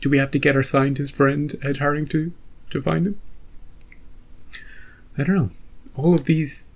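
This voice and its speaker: A man hosting a reaction video, rambling and joking with animated outbursts in casual commentary. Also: fairly high pitch, brisk.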